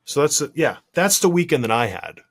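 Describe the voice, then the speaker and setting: A man co-hosting a podcast, telling a story in an animated, exasperated and self-deprecating way. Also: mid-range voice, normal speed, creaky. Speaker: podcast co-host. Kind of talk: casual podcast chat.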